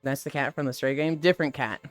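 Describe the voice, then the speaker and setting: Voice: mid-range voice, steady tone, fast, soft background music. A streamer chatting casually and rambling with live viewers, laughing often and swearing freely. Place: outdoors walking.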